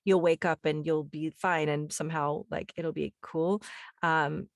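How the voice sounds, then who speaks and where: A woman's voice: low voice, steady tone, measured pace, creaky, dry recording, clean studio sound. A woman hosting a spiritual podcast, talking casually and enthusiastically with lots of fillers and restarts. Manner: enthusiastic, rambling, full of "like" and "um". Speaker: podcast host.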